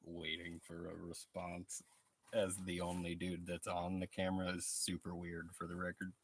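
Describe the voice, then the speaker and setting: A man's voice: deep voice, monotone, moderate pace, husky. A man chatting casually on a live stream, laid-back, swearing freely and laughing often. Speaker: livestreamer. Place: truck workshop.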